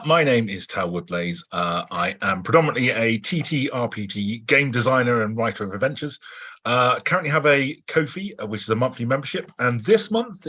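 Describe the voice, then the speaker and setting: A man's voice: mid-range voice, bright, forceful tone, slightly rough, dull audio. A man, a game designer and player, introducing himself hesitantly with many uhs. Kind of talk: casual introduction.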